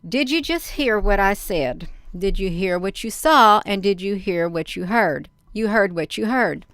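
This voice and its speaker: A woman's voice: mid-range voice, expressive, measured pace, a bit bright, no room sound. A woman, hosting a casual video and reading articles aloud, urgent and repetitive, often calling out to viewers. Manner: urgent, repetitive, addresses viewers as "you all". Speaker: video host. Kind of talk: casual talk to camera, reading on-screen articles.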